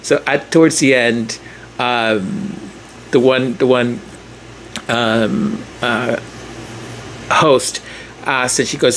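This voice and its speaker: A man's voice: mid-range voice, steady tone, slow, pauses often, a bit bright, slight background noise. A man hosting a commentary vlog, talking casually and chattily, leaning on "like" and restarting his sentences. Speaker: commentary channel host.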